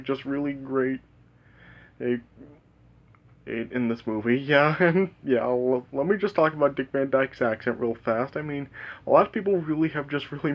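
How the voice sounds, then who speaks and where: Guy rambling thru a movie review, tons of fillers, kinda muffled lo-fi audio. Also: medium pitch. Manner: rambling with many fillers and restarts; enthusiastic, laughs often. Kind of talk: casual video review.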